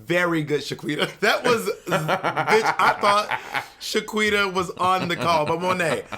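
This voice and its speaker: A man's voice: high-pitched, a little slow, a crowd in the background. A man co-hosting a podcast, talking in teasing, emphatic, sassy casual chat. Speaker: podcast co-host.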